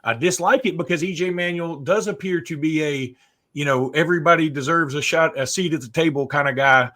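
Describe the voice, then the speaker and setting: A man co-hosting a college football podcast, talking in a rambling, animated way with many restarts. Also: a little high, brisk. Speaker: sports podcast co-host. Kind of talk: casual sports chat.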